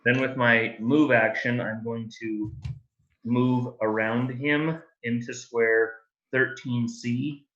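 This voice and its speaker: Bright, eager player on a muffled mic. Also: male voice, medium pitch, fairly even intonation. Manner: eager, brisk. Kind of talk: tabletop game play.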